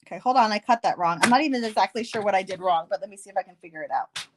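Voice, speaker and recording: A woman's voice: mid-range voice, animated, rapid-fire, background noise. A woman hosting a card-making tutorial, chatting casually and correcting herself as she works through measurements. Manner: chatty, self-correcting, thinking aloud.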